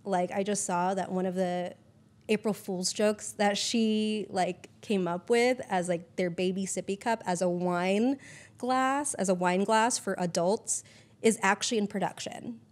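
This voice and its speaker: A woman's voice: mid-range voice, steady tone, a little slow. A woman producer chatting casually as a podcast guest, peppering her talk with "like" and the odd swear. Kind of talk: casual interview chat.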